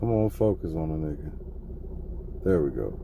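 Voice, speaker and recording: A man's voice: rumbling low, expressive, normal speed, creaky, background noise. A man co-hosting a podcast, telling a story in casual, profane chat and laughing often, talking from a car. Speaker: podcast co-host.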